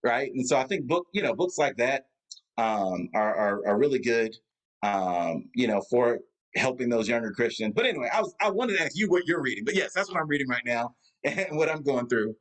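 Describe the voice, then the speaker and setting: Rambling pastor, full of fillers. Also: male voice, mid-range voice, big pitch swings, a little fast, fairly bright tone, poor audio. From United States. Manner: rambling, many fillers and restarts. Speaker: pastor, guest. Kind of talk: casual conversation. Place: Atlanta area.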